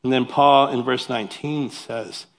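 A pastor preaching a sermon. He reads scripture aloud, explains it, and adds humorous, self-deprecating asides in a lively way. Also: mid-range voice, unhurried.

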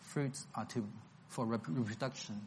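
A man's voice: mid-range voice, normal speed, darkish tone, slight background noise. A man preaching an expository Bible-study sermon, emphatic and enthusiastic, repeating his key phrases.

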